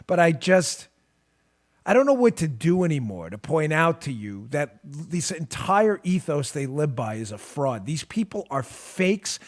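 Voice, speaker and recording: A man's voice: a little high, big pitch swings, normal speed. A man hosting a political talk show, delivering heated commentary with emphatic, repeated rhetorical questions and bursts of frustration.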